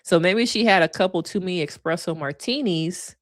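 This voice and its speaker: A middle-aged woman therapist talks frankly and casually on a livestream, slangy and quick to laugh. Her voice sits on the low side and sounds dry and close, with no room around it. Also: dry recording. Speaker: therapist reviewing reality TV.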